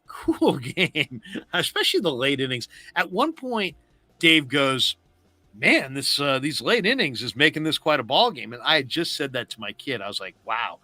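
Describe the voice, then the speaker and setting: Middle-aged male sports talk host, bright tone, dry close mic, storytelling recap. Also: medium pitch, dry recording. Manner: animated storyteller, acts out quotes. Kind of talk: casual postgame recap.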